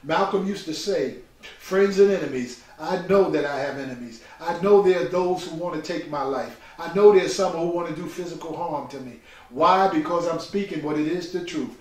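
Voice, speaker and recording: A man's voice: a little high, normal speed, hardly any pauses. An older man gives a preaching personal testimony, emphatic and repetitive, calling listeners brothers and sisters. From New York. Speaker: speaker telling his life story. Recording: very echoey room, far from the mic.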